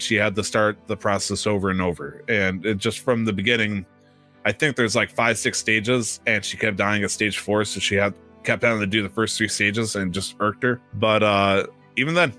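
A man's voice: lowish voice, steady tone, moderate pace, sharp tone, soft background music. A man co-hosting a podcast, chatting casually in a rambling way with many fillers and restarts. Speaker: podcast co-host. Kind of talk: casual chat.

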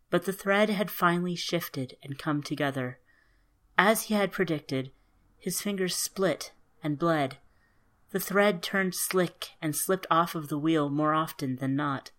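A woman calmly narrating a fairy tale in an even storybook manner. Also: sits low.

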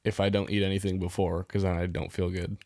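A woman co-hosts a casual podcast chat, chiming in with short reactions. Her voice is extremely low for a woman and she talks fast, in a dry, close recording. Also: little pitch movement, warm tone, dry recording. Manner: brief reactive interjections. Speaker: podcast co-host.

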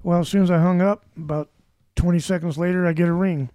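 High-voiced man in his seventies, mellow. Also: steady tone, fast, no room sound. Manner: rambling anecdotes with dry humor. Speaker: guest, former backcountry ranger. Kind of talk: casual storytelling.

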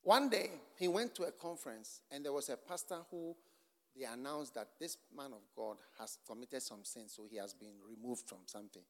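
A man preaching a sermon at a church conference, telling stories and acting out the people he quotes, swinging from hushed asides to shouting. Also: medium pitch, lively intonation, moderate pace. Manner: storytelling, acts out the people he quotes. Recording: long hall reverb.

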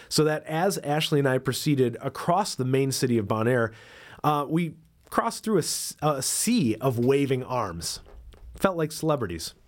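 A man hosting a podcast, reading a travel story aloud and breaking off for wry, self-deprecating jokes. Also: mid-range voice. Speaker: podcast host and dairy farmer.

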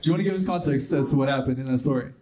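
A man's voice: mid-range voice, very fast, far from the mic, noisy background. A man co-hosting a comedy podcast on stage, joking in an awkward, self-aware way. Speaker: podcast co-host. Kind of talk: live comedy podcast banter. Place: comedy club stage before a live audience. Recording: roomy stage, mic held off.

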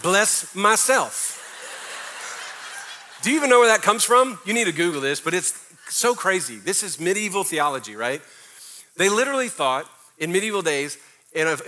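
A middle-aged male pastor preaches with a high, bright voice. He talks to his congregation in an emphatic, conversational way, often tossing in playful mock prayers. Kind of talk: sermon.

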